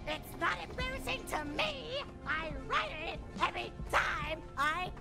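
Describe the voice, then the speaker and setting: A woman's voice: extremely high pitch, sing-song, a little slow, creaky, music in the background, heavily acted. An actress voicing an awkward, oversharing alien woman in a video game, rambling in a confessional way.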